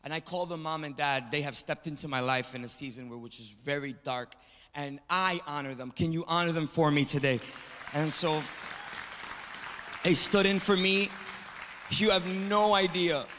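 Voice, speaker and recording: A guest preacher delivers an energetic sermon in a large church sanctuary, joking with the congregation and calling on them to answer back. His voice is fairly high and fairly bright at a moderate pace, and the hall is reverberant.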